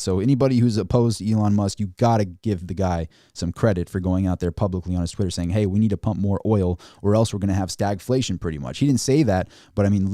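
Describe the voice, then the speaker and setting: A man with a lowish, dark, mellow voice talks through market charts on a live stream. He is animated and throws in mocking asides in quoted voices. The sound is dry and close. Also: no echo. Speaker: finance channel host.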